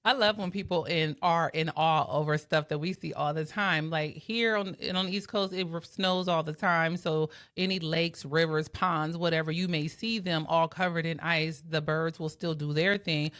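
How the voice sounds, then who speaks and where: A woman's voice: low voice, steady tone, normal speed, hardly any pauses, a bit bright. Chatty woman host reacting to clips. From Washington DC area. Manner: chatty, conversational, addresses viewers directly. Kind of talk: casual reaction commentary.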